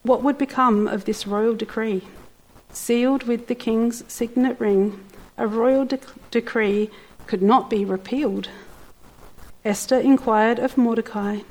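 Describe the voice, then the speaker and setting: A woman narrating a story in an expressive, theatrical way with playful asides. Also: a little high, a little slow, low-quality recording.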